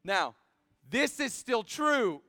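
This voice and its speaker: A man with a high, bright, crisp voice preaches a sermon, moving from quiet pleading to full-throated shouting. He tosses in casual, joking asides to his listeners. The sound is dry and close. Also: big pitch swings, slow pace, dry recording, faint music behind. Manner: swings from hushed pleading to shouted exhortation. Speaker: pastor.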